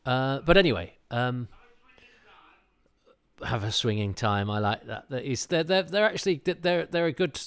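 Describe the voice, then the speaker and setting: A middle-aged podcast host gives enthusiastic, rambling commentary over an old TV episode, packed with fillers and restarts. His fairly high voice is smooth, at normal speed with hardly any pauses.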